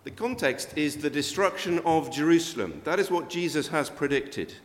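A man's voice: a little high, very animated, moderate pace. An older man preaching a sermon in a conversational way, with sudden emphatic rises. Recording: long reverb of a church hall.

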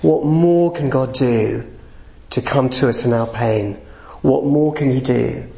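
A man's voice: medium pitch, takes it slowly, creaky, dark tone, roomy sound, rough recording. A man preaching a sermon, earnest and building to emphatic peaks.

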